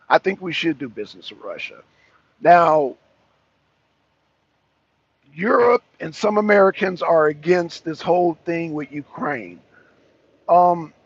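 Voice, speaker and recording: A man with a husky, slightly high voice hosts a casual political talk show. He talks with a caller, repeats his points for emphasis and restarts his sentences often. The sound is dull and lo-fi. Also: dry recording. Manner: emphatic and repetitive, with frequent restarts.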